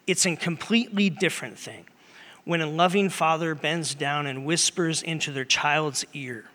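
A man preaching a sermon as pastor, earnest and conversational, dropping to a hush at times and rising loud at others. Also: on the high side. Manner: conversational and earnest, shifting between loud and hushed. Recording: long hall reverb.

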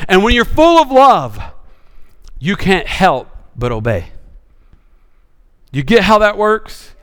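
A male pastor preaching with passion, swinging from bold rises to sudden hushed drops. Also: a little high, clean tone, big-room sound. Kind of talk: sermon.

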